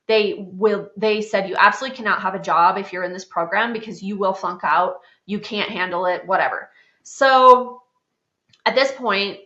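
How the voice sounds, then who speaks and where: A woman's voice: medium pitch, bright, forceful tone. A woman in her thirties from South Dakota, hosting a podcast and telling her own story in a chatty, candid way, full of "like" and the odd swear word. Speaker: podcast host. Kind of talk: casual personal storytelling. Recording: roomy, slightly dull podcast sound.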